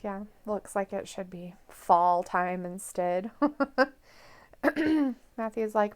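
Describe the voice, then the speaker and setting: A woman's voice: mid-range voice, expressive, clear, resonant tone. A woman co-hosting a live stream, chatting casually, giggling often and reading viewer comments aloud. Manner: giggly, chatty, quick reactions.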